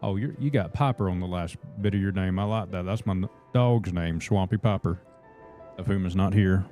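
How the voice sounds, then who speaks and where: A laid-back man with a deep, low voice chats with his viewers as he plays a game on a livestream. He rambles in a friendly way and answers questions from the chat. Quiet music plays behind him. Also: moderate pace. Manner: relaxed, chatty, reads chat and greets viewers as brothers. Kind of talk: casual gameplay livestream chat.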